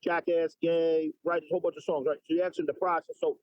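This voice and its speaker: A man's voice: a little high, level tone, fast, muffled recording. A man being interviewed about his songs, rambling and repeating words in a stop-start way. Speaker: interview guest, musician. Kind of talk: casual interview chat.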